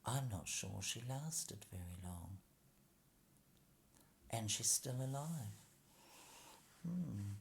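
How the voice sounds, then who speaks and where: A man's voice: fairly low pitch, lively intonation, very slow, creaky, long pauses, slight background noise. A man delivers a rambling, sarcastic monologue full of hesitations and mock slips.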